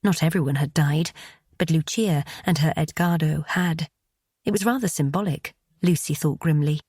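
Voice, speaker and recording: A woman narrating an audiobook in a measured, even storytelling delivery, recorded close on a studio mic. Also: deep voice, slightly rough, no room sound.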